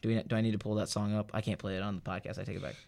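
A man's voice: fairly low pitch, flat delivery, rapid-fire, creaky, a little mellow. A young man co-hosting a casual sports podcast, chatting loosely and drifting into tangents. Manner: rambling, goes off on tangents. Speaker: podcast co-host.

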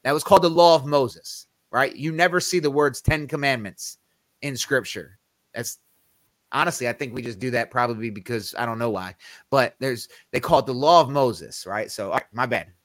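A man's voice: medium pitch, moderate pace, no room sound. A man hosting a podcast Bible study, explaining scripture in a casual, conversational way and leaning hard on quoted verses. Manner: conversational, self-correcting, emphatic on scripture quotes.

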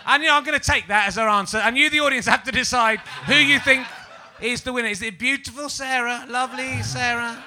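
A man's voice: very high voice, fairly even intonation, a little fast, pushed and bright, a little hiss or hum. A man hosting a live comedy podcast on stage, teasing the audience as a laughing quizmaster. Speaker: podcast host running an audience quiz.

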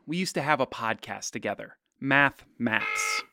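A man hosting a podcast in scripted narration, loud and brash with a playful, teasing manner. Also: mid-range voice, lively intonation, a little slow, background noise. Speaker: podcast host.

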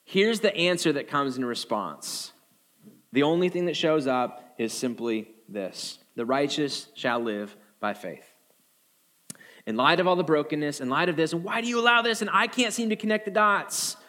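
Guy pastor preaching, kinda high voice, jokey and animated, does funny voices for quotes. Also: moderate pace. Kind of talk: sermon.

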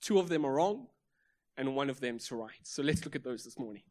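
This South African preacher, speaking in South African English, has a medium-pitched, expressive voice that runs a little fast and sounds a little mellow. He delivers his sermon emphatically, repeating phrases and posing rhetorical questions.

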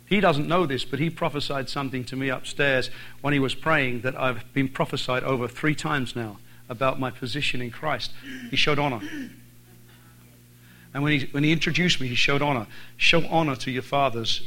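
An Irish man delivers a sermon at middle pitch. He leans on repetition, saying key phrases twice or three times to hammer them home, and his talk runs between plain explanation and rising exhortation. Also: normal speed, pushed and bright, low-quality recording. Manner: emphatic, repeats phrases for stress. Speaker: visiting preacher.

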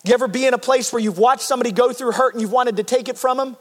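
A man preaching a heartfelt sermon with a high, bright-pitched voice. His delivery swings from loud, emphatic peaks down to quiet, tender passages. The sound carries a long reverb from a large church hall. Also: rapid-fire. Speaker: pastor.

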